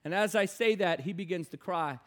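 A man preaching a sermon and telling stories, impassioned and repetitive, swinging from loud declarations to hushed storytelling. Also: high voice, fairly quick.

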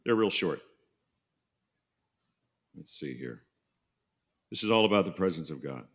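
A man's voice: low voice, unhurried, husky. A man preaching through a personal story in a casual, joking way, slipping into voices. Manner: casual, jokey, animated, does voices. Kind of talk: sermon storytelling.

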